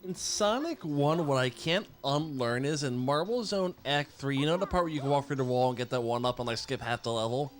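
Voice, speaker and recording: A man's voice: medium pitch, fairly quick, hardly any pauses, faint music behind. A man co-hosting a stream who talks hesitantly with many fillers. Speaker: co-host. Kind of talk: casual stream chat.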